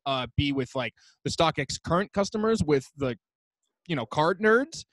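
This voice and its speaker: A man's voice: a little high, lively intonation, moderate pace, no room sound. A man co-hosting a podcast in a loose casual chat, swearing and slangy. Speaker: podcast co-host. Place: New York.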